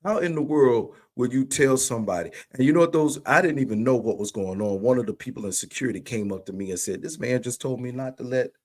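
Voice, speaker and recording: Man with an average-pitched voice who tells a story with animation and voices the quoted speakers. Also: quick pace, hardly any pauses, darkish tone. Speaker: church leader telling a story. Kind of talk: livestream conversation. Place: remote livestream call.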